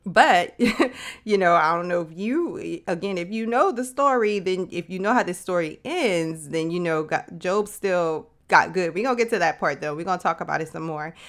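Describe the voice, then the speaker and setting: A woman with a somewhat low voice hosts a faith podcast. She teaches the Bible in a relaxed, conversational way, with slangy asides and frequent "you know"s, speaking straight to the listener. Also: a little slow. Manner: chatty, addresses listener as sis, slangy asides. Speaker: podcast host. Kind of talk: casual Bible teaching talk.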